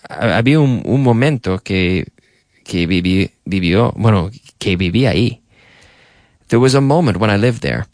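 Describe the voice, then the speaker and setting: Slow, lively-voiced male English teacher. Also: medium pitch, no room sound, clean studio sound. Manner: drills phrases with slow repetition; asks and answers his own practice questions. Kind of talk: radio language lesson. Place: radio studio.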